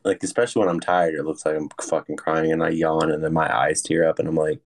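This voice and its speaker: A man's voice: very deep voice, flat delivery, fast talker. A young man co-hosting a podcast, laid-back and laughing a lot as he chats. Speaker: podcast co-host. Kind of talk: casual chat.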